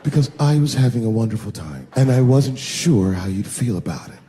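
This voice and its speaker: A man voicing a sultry, soft-spoken woman at a club, speaking low and smooth. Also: animated, a little fast, lightly acted. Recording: echoey hall with crowd noise.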